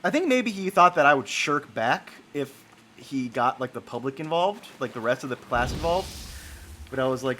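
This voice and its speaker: A man's voice: mid-range voice, animated, moderate pace, bright, forceful tone, a little hiss or hum. A man streaming a game and telling a long story in a casual, rambling way, with many fillers and self-corrections.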